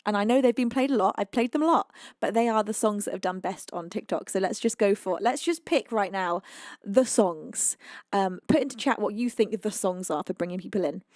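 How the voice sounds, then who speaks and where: A British woman hosting her own music livestream, chatting casually and excitedly to viewers with many fillers and restarts. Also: medium pitch, a little fast, no room sound, clean studio sound. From United Kingdom. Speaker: singer and livestream host.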